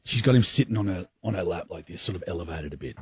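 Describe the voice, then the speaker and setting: A man's voice: deep voice, quick pace, breathy edge, no echo, studio quality. An Australian man in his thirties, co-hosting a radio show and spinning a blokey story in casual banter. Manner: animated, blokey anecdote-telling. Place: radio studio. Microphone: studio microphone.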